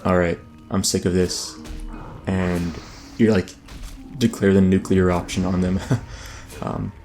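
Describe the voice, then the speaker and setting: Deep-voiced guy rambling thru a let's play, lots of ums, quiet music under it. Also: flat delivery, unhurried. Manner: rambling, many ums and restarts. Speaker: gaming YouTuber. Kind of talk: casual let's play commentary. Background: soft background music.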